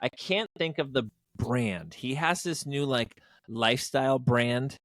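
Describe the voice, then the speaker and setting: A man's voice: medium pitch, unhurried, fairly bright tone, dry recording. A man co-hosting a podcast, chatting casually about movies in a rambling, jokey way with lots of fillers. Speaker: podcast co-host. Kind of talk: casual movie review chat.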